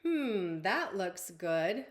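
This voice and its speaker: A woman voicing a sassy, demanding little girl princess in a storybook read-aloud, with a whiny, drawn-out delivery. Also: mid-range voice, very animated, slight background noise.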